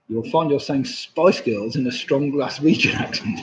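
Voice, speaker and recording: Man in his sixties, from England, quiz host, chatty, reads viewer messages, slightly high voice, muffled lo-fi audio. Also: expressive, a little slow. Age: 60s. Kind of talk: live-streamed pub quiz chat. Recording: dull lo-fi home stream audio.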